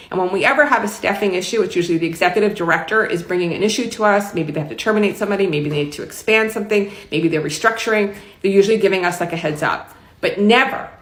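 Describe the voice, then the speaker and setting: Middle-aged woman, New York accent, chatty, emphatic, mid-pitched, roomy echo. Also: fairly bright tone. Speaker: vlogger. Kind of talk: casual storytelling to camera.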